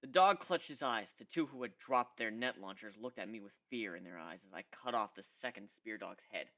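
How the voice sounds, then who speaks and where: A man narrates a fan story in the first person, giving it a dramatic reading. His voice is bright and lively, and its pitch rises and falls freely. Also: brisk. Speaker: reader.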